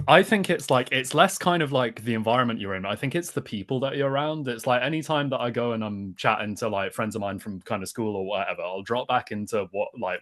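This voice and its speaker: A man's voice: mid-range voice, a bit bright. A man in his thirties from North London, with a London accent tinged by Manchester, talking chattily as a poet guest, with lots of "like" and "kind of". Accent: London, with a slight Manchester tinge. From North London, England. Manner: chatty, many fillers like "like" and "kind of". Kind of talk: casual chat.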